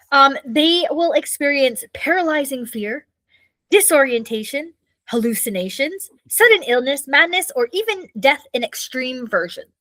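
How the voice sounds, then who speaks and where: This is a Canadian woman co-hosting a casual ghost-story podcast. Her voice sits high and swoops up and down a lot. She reads her notes loosely and stumbles over hard names, recorded dry and close. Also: fairly bright tone, dry recording, low-quality recording. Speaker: podcast co-host.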